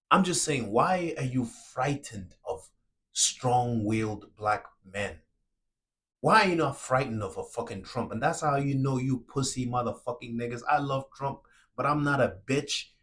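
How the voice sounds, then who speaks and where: Man, mid-pitched, ranting solo to camera: furious and profane, shouting, then dropping low and quiet. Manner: angry, profane, repetitive and confrontational; swings between shouting and quiet, remorseful murmuring. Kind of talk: impassioned solo rant to camera.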